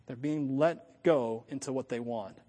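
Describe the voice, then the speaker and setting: A man from the United States preaching a sermon in an animated way, thinking aloud and correcting himself as he goes. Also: medium pitch, a little slow, big-room sound. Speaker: pastor.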